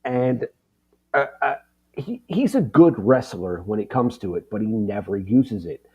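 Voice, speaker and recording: A man co-hosting a podcast, giving casual fight analysis in a halting way, with many ums. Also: on the low side, sing-song, a little mellow, breathy edge, highs cut off. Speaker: podcast co-host.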